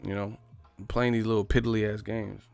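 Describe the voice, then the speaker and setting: A man's voice: lowish voice, level tone, normal speed, vocal fry, a little mellow, smooth, faint music behind. A man telling a profane, rambling comic story in casual slang. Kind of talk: casual comedic storytelling monologue.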